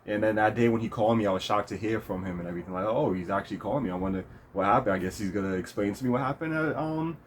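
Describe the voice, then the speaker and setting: A man's voice: on the low side, rapid-fire, few pauses, a little hiss or hum. A man hosting his own vlog, telling a story in a rambling casual way with lots of fillers and restarts. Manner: rambling, many fillers and restarts, laughs often. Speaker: vlog host.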